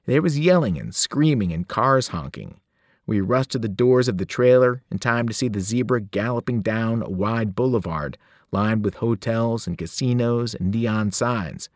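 A man, a teacher, reading a novel aloud with expressive storytelling. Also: medium pitch, moderate pace, dry recording, studio quality.

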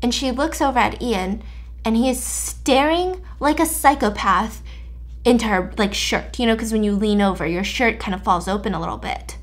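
A young woman chatting through an animated story retelling while baking, swearing in a mock-censored way. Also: fairly high pitch, normal speed. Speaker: YouTube storyteller.

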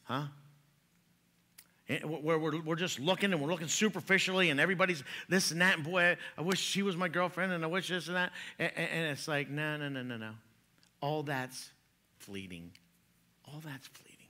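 A man's voice: on the high side, fast talker, bright, forceful tone. A man preaching a sermon in a church, joking in a folksy way and chuckling at his own jokes. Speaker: pastor. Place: church sanctuary.

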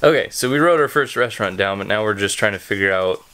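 A young man with a fairly low voice talks quickly to the camera at home, sounding pushed and bright. He's a vlogger on a date with his wife, rambling a bit and chuckling between phrases.

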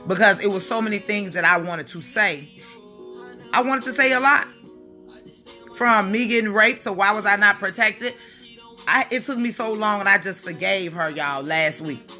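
A woman speaks with a bright, forceful edge. She delivers a blunt, preachy, profane livestream monologue from indoors. Faint music plays underneath. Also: fairly low pitch. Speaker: spiritual wellness livestream host. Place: alone, indoors. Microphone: phone or webcam.

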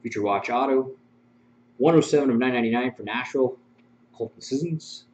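During a live card break, a man calls out card names and serial numbers and chuckles through his chat with viewers. His medium-pitched voice is a little mellow and a little fast, heard through muffled stream audio with a faint hum.

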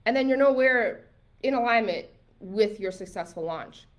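A woman giving a casual, animated motivational masterclass talk, full of "like" and "right?", sometimes acting out inner thoughts. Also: on the high side, moderate pace. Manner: frequent fillers like "like" and "right?". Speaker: manifestation coach.

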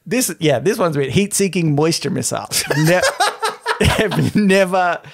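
A man's voice: a little high, lively intonation, a little slow, vocal fry, very noisy. A man hosting a podcast, reading a list aloud and laughing often in casual comedic chat. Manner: giggly, reads out a list, laughs a lot. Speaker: podcast host.

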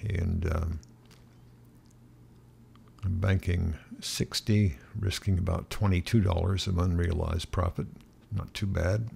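A middle-aged man steadily narrating a futures trade as it unfolds, calling out prices and stops with frequent pauses and fillers. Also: low voice, vocal fry, darkish tone, husky. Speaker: day trading instructor. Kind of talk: screen-recorded trading walkthrough.

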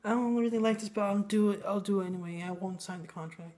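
A man's voice: high-pitched, fast, a little mellow, voice pushed up, close to an everyday voice. A man putting on the voice of a timid, pleading young woman in a meek, mocking tone.

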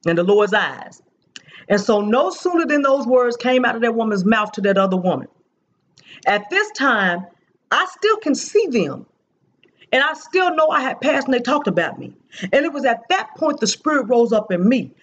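A woman's voice: medium pitch, lo-fi sound, a little hiss or hum. A woman preaching, earnestly recounting a prophetic dream and repeating key phrases for emphasis.

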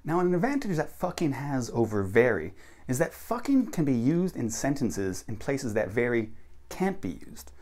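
Animated American man teaching slang. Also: moderate pace. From United States. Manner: animated, acts out example sentences with big pitch jumps. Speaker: English teacher, channel host. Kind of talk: casual explainer video.

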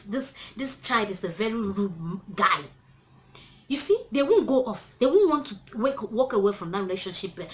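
A young woman with a Nigerian accent making a reaction vlog, exclaiming loudly and mixing in Nigerian Pidgin. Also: mid-range voice, a little hiss or hum. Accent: Nigerian English. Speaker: YouTuber. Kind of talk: reaction video rant.

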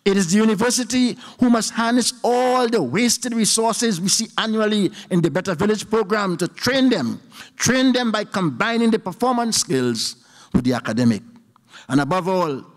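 A man with a Trinidadian accent delivers an emphatic speech to an audience, his voice sitting a little high. He drags out his key points slowly and repeats them. The sound carries a long reverb from a large hall. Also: lively intonation. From Trinidad and Tobago. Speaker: university professor giving a budget response.

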